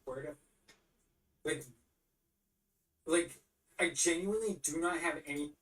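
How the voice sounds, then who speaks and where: A young male streamer with a slightly high voice, cursing and exasperated as he complains out loud. His talk is loose and unscripted, full of slang and profanity. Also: unhurried. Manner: frustrated, swearing a lot, exasperated. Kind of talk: casual live-stream chat.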